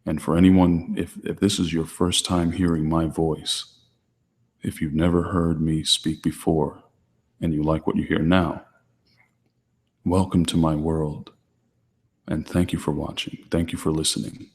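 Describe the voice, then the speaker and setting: A man hosting his channel, answering viewer questions in a calm, deliberately quiet, restrained way. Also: very deep voice, long reverb tail. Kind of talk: low-key livestream chat.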